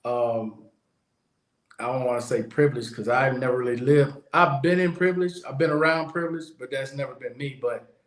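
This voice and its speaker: A man's voice: mid-range voice, normal speed. A man hosting a podcast, speaking bluntly in a casual monologue and repeating his points for emphasis. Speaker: podcast host. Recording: echoey room.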